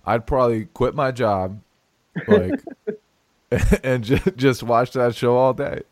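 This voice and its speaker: A man's voice: mid-range voice, slow pace, a little mellow, no room sound. Male sports podcast host, casual and laughing, dry close mic. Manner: laughing, stumbling restarts.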